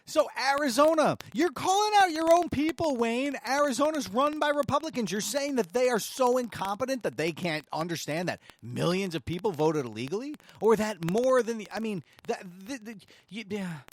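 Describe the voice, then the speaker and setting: A man's voice: very high-pitched, lively intonation, normal speed, hardly any pauses, slight background noise. A male podcast host delivering a profane, sarcastic comedic rant. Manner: sarcastic, swears freely.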